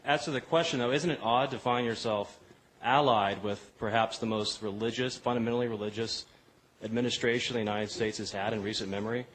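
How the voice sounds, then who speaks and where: A man's voice: medium pitch, fairly even intonation, brisk, fairly bright tone, slight background noise, rough recording. Hesitant man asking a probing question. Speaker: audience questioner.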